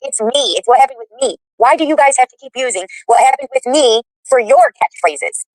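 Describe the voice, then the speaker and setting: A woman's voice: high voice, animated, fairly quick, no echo. A woman ranting with indignant profanity. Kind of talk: angry recorded rant.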